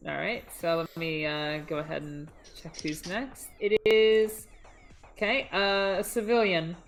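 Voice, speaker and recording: A woman running a tabletop game as game master, narrating and ruling in a relaxed, joking way. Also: lowish voice, unhurried, soft background music.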